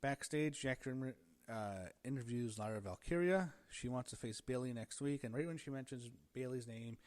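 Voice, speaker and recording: Recapping a wrestling episode casually, this reviewer's voice is at a typical pitch for a man. He rambles offhandedly, pausing on filler words and starting his sentences over as he thinks aloud.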